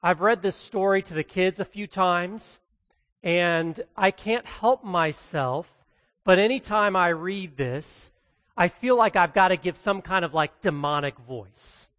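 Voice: medium pitch, measured pace, fairly bright tone. Earnest pastor preaching in an echoing hall. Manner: earnest, conversational, emphatic on key phrases. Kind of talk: sermon with scripture reading.

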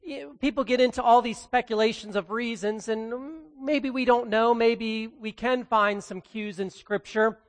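An earnest pastor preaches in a relaxed, conversational way, pressing hard on the points that matter. The voice sits at a middle pitch. A long reverb trails each phrase, as in a big church hall. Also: a little slow, few pauses. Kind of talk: sermon with scripture reading.

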